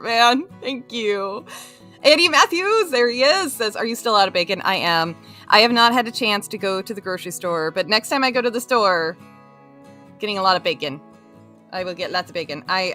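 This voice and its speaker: A woman's voice: medium pitch, fairly bright tone. A woman hosting a casual crochet live stream, bubbly and giggly, greeting her chat one by one.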